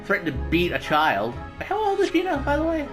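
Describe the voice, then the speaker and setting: A man's voice: very high voice, wildly swooping pitch, a little fast. A man doing casual, jokey gameplay commentary as a let's play host, rambling with many stammered restarts. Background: game music.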